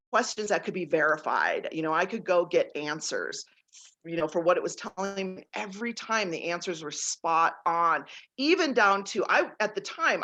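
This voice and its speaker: A woman guest on a casual interview, telling personal stories in an animated way and laughing often. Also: fairly low pitch. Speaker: guest author, nature intuitive.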